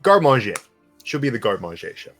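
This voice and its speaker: A man's voice: mid-range voice, big pitch swings, a little fast, a bit bright, soft background music. A man running a live-streamed tabletop game as game master, casual and joking and swearing freely.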